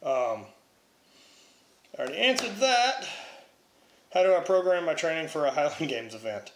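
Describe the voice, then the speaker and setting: A young man answering viewer questions about Highland Games throwing and training in a blunt, offhand way with casual swearing. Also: big pitch swings, moderate pace, echoey room, slight background noise. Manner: blunt, profane, offhand, reads questions aloud then answers. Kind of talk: casual Q&A vlog.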